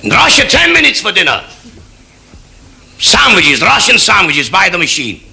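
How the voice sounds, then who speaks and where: A man's voice: sits high, wildly swooping pitch, normal speed, creaky, bright, forceful tone, faint music behind, voice pushed up, heavily acted. A man putting on a curt boastful Soviet official.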